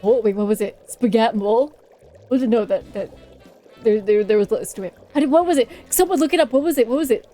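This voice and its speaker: A woman's voice: on the high side, fast talker, mellow, faint music behind. A woman streamer chatting casually on a livestream, playful and giggly, rambling as she talks.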